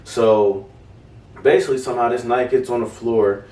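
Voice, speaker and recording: Animated storytelling man, roomy far mic. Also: medium pitch, normal speed. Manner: animated, swearing, acts out quoted voices. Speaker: podcast co-host. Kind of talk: casual storytelling.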